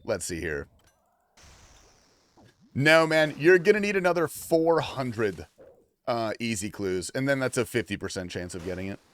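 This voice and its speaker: A male livestreamer talking loosely over his gameplay, with a mid-pitched voice that swings widely up and down. He drops from mumbled, muttered asides into sudden excited outbursts, and he swears freely. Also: unhurried, pauses often. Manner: loose and profane, reacting to gameplay and chat. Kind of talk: casual gaming livestream chat.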